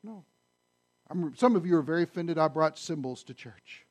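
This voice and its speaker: A man preaching a sermon to his congregation, conversational and animated, often asking the audience questions. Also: a little high, normal speed. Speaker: pastor. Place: church sanctuary.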